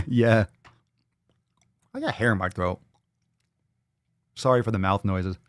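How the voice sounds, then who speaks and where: A man's voice: on the low side, big pitch swings, takes it slowly, no room sound, clean studio sound. A man hosting a casual livestream podcast, talking loosely and swearing freely while reading chat comments aloud. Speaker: podcast host. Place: indoors at home.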